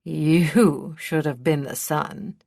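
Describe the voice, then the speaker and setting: A woman voicing a gruff, cunning old villain prince. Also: low voice, takes it slowly, darkish tone, no room sound, clean studio sound, exaggerated voice. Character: scheming older male High Prince villain.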